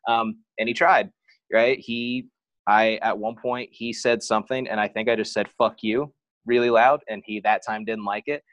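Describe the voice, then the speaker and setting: A man's voice: fairly low pitch, flat delivery, moderate pace, fairly bright tone, no room sound, muffled recording. A man talking as a podcast guest, telling a personal story openly and casually, with lots of "like" as filler. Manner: frank and open, heavy use of "like".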